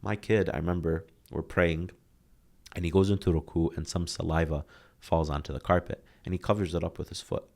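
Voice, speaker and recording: A man's voice: low-pitched, fairly quick, creaky. A man in his thirties, a podcast guest, telling earnest stories and acting out quotes as he talks. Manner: earnest, animated storytelling with acted-out quotes. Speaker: guest, motivational speaker. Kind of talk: candid podcast conversation.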